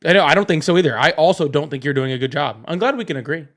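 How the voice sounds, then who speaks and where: A Southern man with a slightly raised pitch hosts a casual live stream and takes callers. He is blunt and teasing, and he laughs often between remarks. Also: expressive, racing, a bit bright. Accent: Southern American. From American South. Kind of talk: casual live call-in chat.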